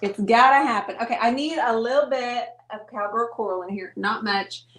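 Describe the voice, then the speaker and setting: Her voice a little high and a bit bright, a woman hosts a live painting show at a moderate pace, playfully walking viewers through her steps as she paints. The room she's in sounds echoey.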